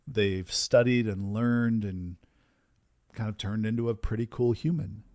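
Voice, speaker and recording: A man hosting a business podcast, talking in an energetic, emphatic way and often tagging his points with "right?". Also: on the low side, measured pace, no echo, studio quality. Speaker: podcast host and business coach. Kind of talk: casual podcast conversation.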